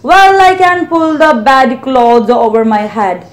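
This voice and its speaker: A woman's voice: high voice, animated, takes it slowly, pitched above the performer's own voice. A woman reading as an earnest, touchy little boy. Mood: worried. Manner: pleading, insistent, a bit rude. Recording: roomy echo.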